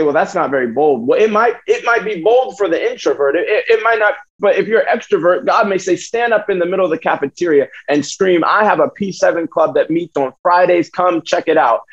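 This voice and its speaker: A man preaching a sermon to students, emphatic and repeating phrases. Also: sits high. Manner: emphatic, repeats phrases, acts out his own thoughts. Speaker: youth preacher. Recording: dull lo-fi sound.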